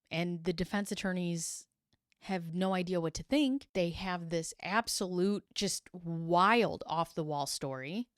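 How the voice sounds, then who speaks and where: A woman telling a true crime story with animated energy, slipping into quick impressions of the people involved. Her voice sits a little low, and the sound is close and dry. She adds sarcastic asides. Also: no echo. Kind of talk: casual true crime retelling.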